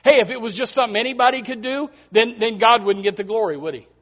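A middle-aged male pastor preaches in a high voice. He drops to soft, confiding asides and then builds to loud, repeated appeals to his congregation. The recording is dull and lo-fi. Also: quick pace. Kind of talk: sermon.

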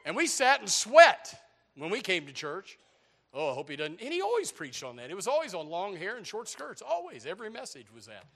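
An older man preaching a sermon, animated and joking, with bursts of shouting. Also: high voice, fairly quick, creaky. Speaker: pastor.

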